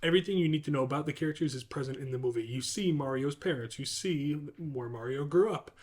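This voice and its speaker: A man's voice: on the high side, quick pace, darkish tone. A man co-hosting a casual podcast, talking in a rambling, enthusiastic way with lots of fillers. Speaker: podcast co-host. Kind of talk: casual chat.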